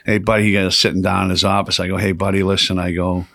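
A man's voice: low-pitched, level tone, quick pace, vocal fry, a bit bright, no room sound, studio quality. A man telling a rambling, profane story in casual conversation as a podcast guest.

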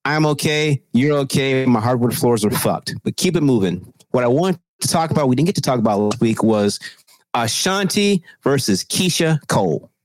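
A man's voice: mid-range voice, moderate pace, no room sound. Male co-host, casual and profane, mid-range voice, tight dry mic sound. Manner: profane, animated storytelling. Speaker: podcast co-host. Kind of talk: casual chat.

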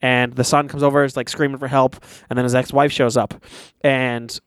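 Man, young adult, casual chat, animated, mid-pitched voice, dry sound. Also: normal speed, clear, resonant tone, no room sound. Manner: animated, swears often, acts out quotes. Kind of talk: casual chat, retelling a movie.

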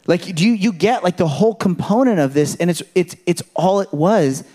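A man preaching a sermon in a conversational, animated way, full of rhetorical questions and illustrations from his home life. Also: sits high, normal speed. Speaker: pastor.

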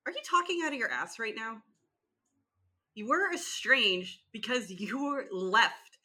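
A woman's voice: a little high, animated, measured pace, sharp tone, full character voice. A woman voicing a young woman who bluntly confronts the mother who abandoned her, swearing and giving orders. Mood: cold anger.

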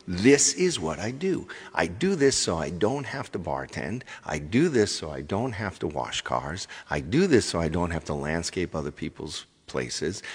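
A man's voice: low voice, husky, long reverb tail. A middle-aged man hosting his own live music show, talking casually and repetitively straight to his viewers. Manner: rambling, repeats himself, addresses folks directly. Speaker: live-stream music show host and singer.

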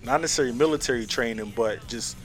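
A man's voice: mid-range voice, fast talker. Guy on a podcast asking what the move is, earnest, mid voice, faint music behind. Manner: earnest, searching, profane. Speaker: podcast co-host. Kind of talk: casual chat.

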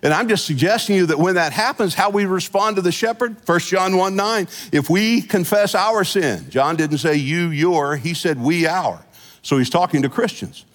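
A man preaching a sermon as senior pastor, with a folksy, animated delivery full of chuckles and asides. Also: sits high, normal speed, in a large hall. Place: church sanctuary.

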